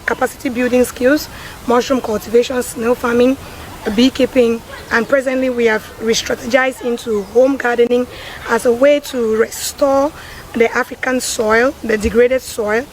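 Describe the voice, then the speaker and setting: Woman in a news clip talking about her project, slightly high voice, faint outdoor noise. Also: steady tone, low-quality recording. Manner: measured, listing activities. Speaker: interviewee in a news report.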